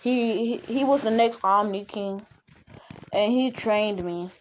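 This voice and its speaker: A woman doing a calm bragging young hero. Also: medium pitch, slow, highs cut off, slight background noise, close to an everyday voice. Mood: boastful. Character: boastful overpowered young male hero.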